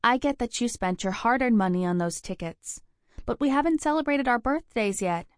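A woman's voice: a little high, expressive, normal speed, no room sound, studio quality, voice pushed up, close to an everyday voice. A woman voicing a bubbly, teasing young best friend. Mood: playful. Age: 20s. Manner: upbeat, sing-song and teasing.

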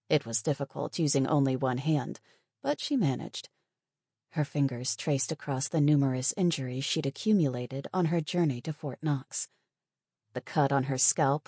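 Woman audiobook narrator, measured and even, with a dry, close sound. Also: low voice, slightly rough, no room sound. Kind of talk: scripted narration.

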